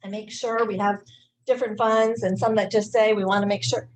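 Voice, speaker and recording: A middle-aged woman, a high school staff member, giving an informal, halting talk to a club meeting, with many fillers and restarts. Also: steady tone, slight background noise, poor audio.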